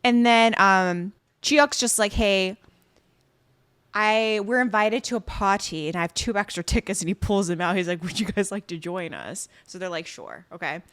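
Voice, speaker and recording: A woman's voice: medium pitch, normal speed, hardly any pauses. A woman co-hosting a podcast, recapping a drama in a casual chat and acting out the characters' lines. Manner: animated storytelling, acts out characters' lines. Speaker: podcast co-host.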